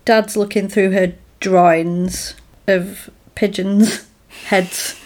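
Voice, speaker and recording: A woman walks a friend through a film scene by scene. She talks in an animated, casual way, peppering her retelling with fillers. It sounds like an easygoing podcast chat. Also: mid-range voice, very slow.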